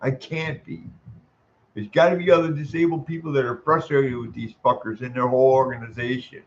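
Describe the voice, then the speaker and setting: A man's voice: mid-range voice, steady tone, brisk, muffled recording. A man venting in an angry, profanity-laced monologue, exasperated and repeating himself. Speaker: vlogger.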